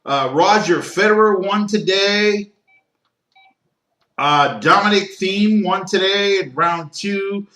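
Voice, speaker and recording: A man hosting a solo sports talk podcast, opinionated and given to rants, with frequent fillers and throat-clearing. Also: high-pitched, slow, pushed and bright, roomy sound. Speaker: podcast host.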